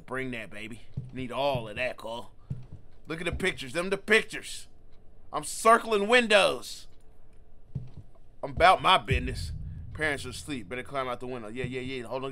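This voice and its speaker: A man giving excitable, slangy let's-play commentary while he plays a game and blurts out his reactions. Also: mid-range voice, a little hiss or hum. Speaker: gaming YouTuber.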